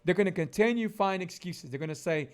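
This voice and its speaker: A man's voice: sits high, animated, fast talker. A man in his forties vlogging casually about his diet, emphatic and preachy, repeating his points over and over. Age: 40s. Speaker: keto lifestyle vlogger. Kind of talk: casual motivational vlog talk.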